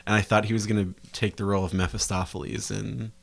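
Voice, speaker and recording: A young man co-hosting a casual podcast chat, animated and quick to laugh. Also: fairly low pitch, gravelly. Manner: animated, laughs often, breaks into quoted impressions. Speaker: podcast co-host.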